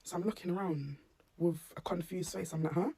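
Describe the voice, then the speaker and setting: A woman's voice: fairly low pitch, brisk, gravelly, warm tone, husky, dry recording. A woman, a mum of children with special needs, animatedly retelling a personal incident to camera and acting out the dialogue. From England. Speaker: SEN mum telling her story.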